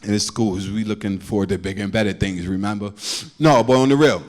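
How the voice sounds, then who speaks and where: A man's voice: fairly low pitch, quick pace, a little mellow. A man doing a stand-up comedy set, telling loose slangy stories and acting out the people in them. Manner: loose slangy storytelling, acts out quotes.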